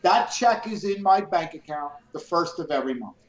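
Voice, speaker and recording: A middle-aged man, a retired police officer and business owner, telling animated and profane stories on a casual podcast and acting out both sides of the dialogue. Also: a little high, moderate pace, muffled recording. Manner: animated, profane storyteller who acts out dialogue. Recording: roomy echo.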